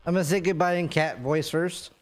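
A man's voice: a little high, fairly even intonation, fairly quick, noisy background. Laid-back male streamer signing off. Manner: laid-back, talking to chat. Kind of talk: casual gaming stream chat.

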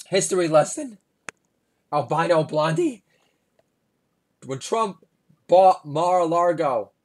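A male comedian delivering a sarcastic, rambling comedy monologue full of asides. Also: on the high side.

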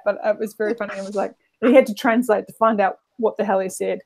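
A woman's voice: medium pitch, steady tone, fast talker, creaky, darkish tone. A woman, chatting casually about a book on a podcast, rambling and correcting herself as she goes. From New Zealand. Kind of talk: casual chat.

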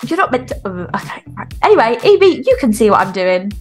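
A woman's voice: fairly high pitch, big pitch swings, fast talker, soft background music. A woman hosting a game role-play as a busy mayor mother who talks chattily and gets exasperated with her kids.

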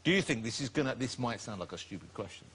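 A man's voice: mid-range voice, lively intonation, quick pace, fairly bright tone. A man hosting a talk show, asking playful, faux-naive questions and joking at his own expense. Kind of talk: comic chat show interview. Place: television studio with live audience. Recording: studio audience laughter and noise.

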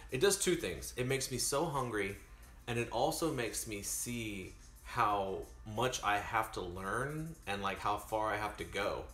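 Chatty man in an echoey room. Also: medium pitch. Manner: rambling, chatty, animated asides. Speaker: streamer. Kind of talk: casual chat while baking.

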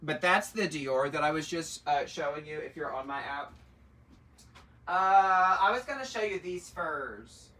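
A middle-aged man speaks a little slowly in a slightly high voice while hosting a live luxury bag sale in an indoor shop. He's campy, sassy and animated, reading viewer comments, teasing his audience and making asides, with his voice recorded from a distance.

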